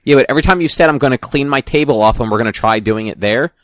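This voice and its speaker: A man's voice: medium pitch, quick pace, no room sound. Young guy hosting a podcast, rambly, keeps fixing what he says, dry close mic. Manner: rambling, self-correcting. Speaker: podcast host. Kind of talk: casual podcast chat. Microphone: studio microphone.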